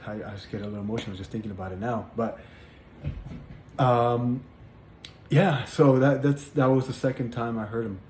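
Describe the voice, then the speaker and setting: A man sharing a personal religious testimony in casual spoken storytelling, earnest and halting, with many fillers and repeated words. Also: mid-range voice, fairly even intonation, a little mellow. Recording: echoey room with faint background noise.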